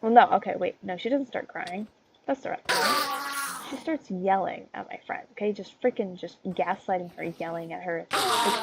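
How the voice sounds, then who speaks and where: Teenage girl, casual rant, rambling with fillers, loud noisy background. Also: medium pitch, normal speed, creaky. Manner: rambling, full of fillers and tangents. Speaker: vlogger. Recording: loud background noise and clicks.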